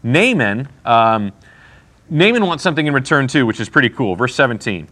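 A man's voice: mid-range voice, very animated, moderate pace, bright, forceful tone. A man teaching a casual Bible class, asking the group questions and retelling scripture in slang.

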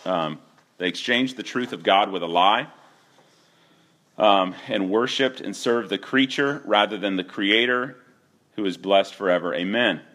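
Male pastor, sermon delivery, low-pitched and forceful, conversational with bursts of shouted dramatization. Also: a little slow. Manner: conversational preaching, questions to the congregation; acts out voices with sudden loud shouts.

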